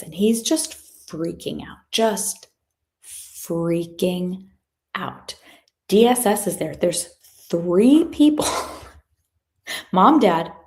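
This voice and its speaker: A woman giving a motivational talk as a guest speaker, telling a story from her work in an animated way and acting out the people in it. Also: lowish voice, creaky. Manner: animated, acts out quoted voices.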